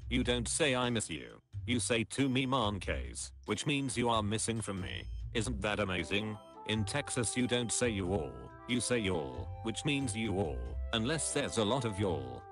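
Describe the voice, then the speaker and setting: A man reading meme captions aloud in a dry, deadpan, clipped way. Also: lowish voice.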